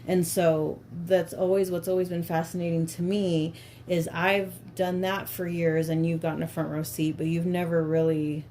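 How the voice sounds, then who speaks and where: Woman podcast host with a mellow voice and faint background noise, talking candidly and casually. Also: on the low side, little pitch movement, moderate pace. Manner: candid, profane, filler-heavy. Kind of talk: casual chat.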